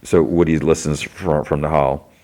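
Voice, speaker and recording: A man with an extremely low, deep voice talks through a story recap in a relaxed podcast style. His delivery is rambling and loose, with "like" dropped between nearly every phrase. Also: normal speed. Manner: rambling, heavy use of "like". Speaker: podcast host. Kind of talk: casual episode recap.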